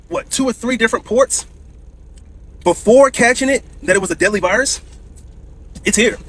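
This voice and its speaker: A man's voice: extremely high pitch, fairly bright tone, low-quality recording. A man giving viewers a casual, urgent warning and repeating his points. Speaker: social media commentator.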